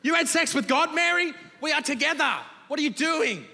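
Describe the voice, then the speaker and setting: A man doing a shrill, outraged young husband. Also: expressive, brisk, gravelly, pushed and bright, in a large hall, slight background noise, exaggerated voice. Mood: indignant. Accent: Australian.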